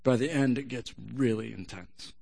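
A man's voice: medium pitch, moderate pace, gravelly, darkish tone. A male pastor preaching a sermon in a conversational way, often asking the audience questions. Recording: long reverb of a large hall.

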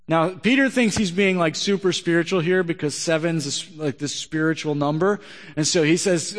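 Preaching in a large hall with long reverb, this man talks at a normal speed in a fairly high voice. He's a pastor giving a conversational sermon and often asks his audience questions.

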